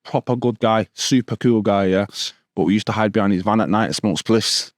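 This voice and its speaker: A lowish-voiced man talking a little fast, he's a podcast guest in his thirties from Stockport with Manchester English, telling stories in relaxed street slang. "Bro" and "do you know what I mean" come up repeatedly. The studio sound is clean with no echo.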